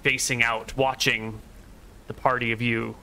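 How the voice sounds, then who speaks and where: Man, game master, bright tone, relaxed descriptive narration, faint background noise. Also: mid-range voice, measured pace, creaky. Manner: descriptive, relaxed with filler words.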